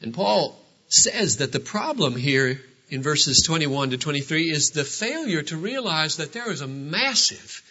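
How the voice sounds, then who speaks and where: A man preaching a sermon in a church, asking rhetorical questions with animated delivery. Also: fairly high pitch, unhurried, slightly rough. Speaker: pastor. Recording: dull lo-fi sermon recording.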